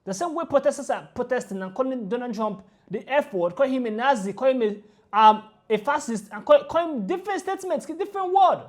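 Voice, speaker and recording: A woman's voice: high-pitched, expressive, a little fast, hardly any pauses. Indignant woman ranting in reaction. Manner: emphatic, indignant, repeats points forcefully. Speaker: reaction video host.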